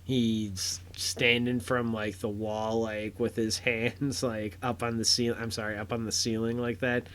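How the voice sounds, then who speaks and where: This is a man hosting a casual podcast and walking through a film scene by scene. He talks slowly at a middling pitch and rambles, with lots of fillers and restarts. His excitement breaks out in loud bursts. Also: slight background noise. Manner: gets loud and excited at big moments. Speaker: podcast host reviewing a film. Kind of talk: casual spoken review.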